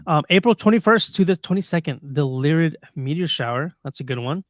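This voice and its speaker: This podcast co-host, a man on a casual livestream, laughs a lot while reading off dates for upcoming sky events. He speaks fairly quickly in a slightly high, expressive voice. The audio is studio quality with no room sound.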